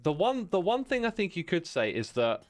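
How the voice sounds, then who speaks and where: A man's voice: high-pitched, sing-song, moderate pace. A man chatting casually with viewers while playing on a livestream, rambling and self-deprecating, laughing often.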